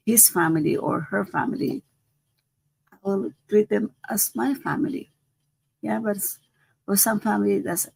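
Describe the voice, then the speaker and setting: Very gravelly, husky woman teacher. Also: mid-range voice, darkish tone, no echo, low-quality recording. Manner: conversational, repeats phrases, asks "right?". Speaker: spiritual teacher. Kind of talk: live-streamed teaching talk.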